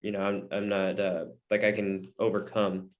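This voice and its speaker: A man's voice: fairly low pitch, completely flat delivery, normal speed, highs cut off. A young man co-hosting a casual podcast chat, rambling and restarting his sentences. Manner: rambling, restarts often, talks about his diet. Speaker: podcast co-host.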